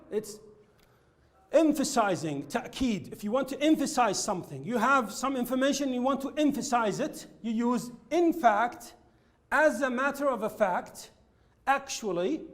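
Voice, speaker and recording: A man teaching an English lesson, explaining linking words slowly and repeating his examples. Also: very high voice. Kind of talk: classroom lesson with slides.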